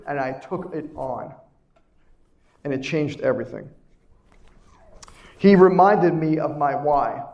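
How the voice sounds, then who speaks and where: A middle-aged man delivers an inspirational conference speech with a fairly high voice. He hammers home key lines by repeating them and keeps asking his listeners questions. The sound rings around a roomy hall. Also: a little mellow. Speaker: chiropractor giving a keynote talk. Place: conference hall, live before an audience.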